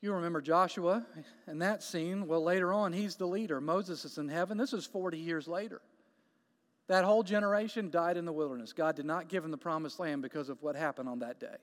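A man's voice: fairly high pitch, brisk, long reverb tail. A man preaching a sermon, emphatic and repetitive, building with rhetorical questions.

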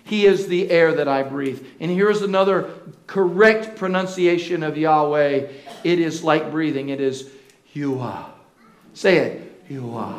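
A man preaching a sermon as pastor, calling out to the congregation for responses and swinging between slow shouted emphasis and soft, hushed asides. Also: fairly high pitch. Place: church sanctuary. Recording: roomy echo of a church hall.

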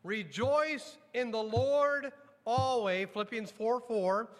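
High-voiced preaching man in a reverberant church. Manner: emphatic preaching, drops low and slow for weighty lines; addresses congregation directly with repeated questions. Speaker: pastor. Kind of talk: sermon. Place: church sanctuary.

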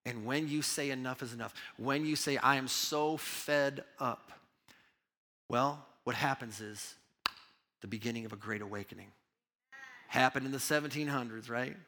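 Bright-voiced male pastor preaching in a hall. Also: mid-range voice, moderate pace. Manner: swings from loud urgent preaching to hushed intimate asides. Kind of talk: sermon.

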